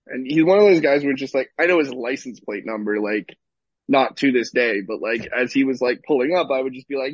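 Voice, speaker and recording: A man co-hosting a podcast, an animated storyteller in casual chat who swears freely. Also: mid-range voice, fairly quick, slightly rough, dry recording, muffled recording. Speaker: podcast co-host.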